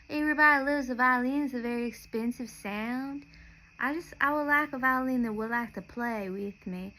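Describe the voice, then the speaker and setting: In a low-quality recording, a young woman with a fairly high, pushed and bright voice hosts a podcast. Hailing from Nashville, Tennessee, she chats in a meandering monologue and often cuts herself off mid-sentence before restarting.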